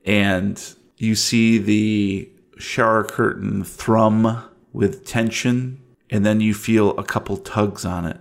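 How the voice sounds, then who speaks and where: A low, gravelly man's voice telling a horror scene at an unhurried pace. He narrates as game master, drawing out the dramatic moments. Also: steady tone.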